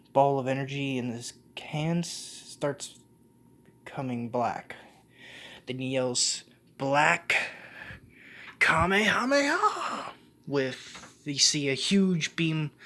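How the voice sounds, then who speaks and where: A man's voice: medium pitch, fairly bright tone. A man casually retelling a fan-made story off the cuff, full of restarts and self-corrections. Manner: casual, slangy.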